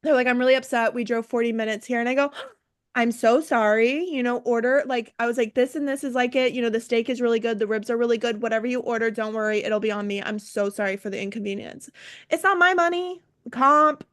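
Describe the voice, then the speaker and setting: A woman's voice: fairly high pitch, fast talker. A young woman who manages a restaurant, telling stories in a casual group chat and acting out both sides of the exchanges. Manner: animated storyteller acting out exchanges.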